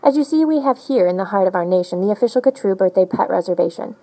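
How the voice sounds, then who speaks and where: A woman reading a rhyming picture book aloud in an animated, sing-song storytelling manner. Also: medium pitch, quick pace, poor audio. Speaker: storybook reader.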